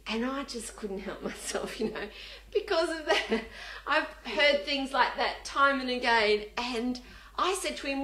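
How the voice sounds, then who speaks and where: An Australian woman telling funny stories to an audience, animated and laughing, acting out the people in them. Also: on the high side, moderate pace, roomy sound. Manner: animated, laughing, acts out voices in her stories. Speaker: speaker. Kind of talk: humorous storytelling talk.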